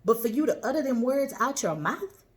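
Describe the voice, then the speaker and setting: A woman's voice: on the high side, normal speed. Emphatic woman telling her story. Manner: animated, emphatic retelling with acted-out quotes. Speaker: podcast host. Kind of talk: personal storytelling podcast.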